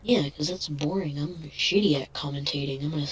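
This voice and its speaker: A man's voice: a little high, a little fast, over a noisy crowd, poor audio. A man chatting casually on an online voice call, crude and sarcastic. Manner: crude, sarcastic, flat delivery. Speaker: guest.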